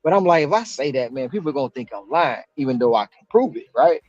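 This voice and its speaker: A man, a delivery driver, telling a story in casual chat, slangy and animated, acting out quotes with big jumps in pitch. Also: fast, dry recording. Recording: dull dry lo-fi sound.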